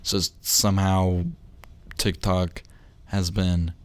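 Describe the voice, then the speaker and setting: A young man talking casually on his own podcast, rambling, losing his train of thought and joking along the way. His voice is lowish and smooth, recorded close and dry. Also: flat delivery, takes it slowly, no echo. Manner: rambling, self-interrupting, jokey. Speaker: podcast host.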